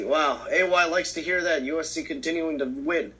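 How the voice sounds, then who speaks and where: A man co-hosting a casual sports picks chat, reacting quickly and stating his picks with confidence. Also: a little high, bright, forceful tone, breathy edge, rough recording. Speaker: co-host.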